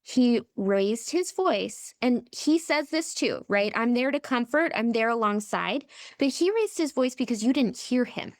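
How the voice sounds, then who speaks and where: A woman's voice: on the high side, expressive, measured pace, hardly any pauses, dry recording, clean studio sound. A woman coach on a podcast, speaking emphatically and often checking in with "right?". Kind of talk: podcast conversation.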